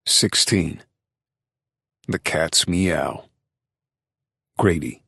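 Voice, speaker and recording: A man narrating a romance novel in the first person, with measured, low-key storytelling. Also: gravelly, fairly bright tone, slightly rough, dry recording, studio quality. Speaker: audiobook narrator.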